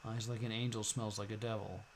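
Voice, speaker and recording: A man streaming a puzzle game, thinking out loud slowly, with sudden excited outbursts. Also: on the low side, slight background noise. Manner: slow, musing, bursts into excited outbursts. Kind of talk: thinking out loud while gaming.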